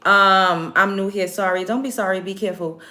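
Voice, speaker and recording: A woman hosting a casual livestream at home does her makeup while reading comments in a brash, confrontational way. Her medium-pitched voice holds a steady tone and sounds sharp, and she speaks fairly quickly.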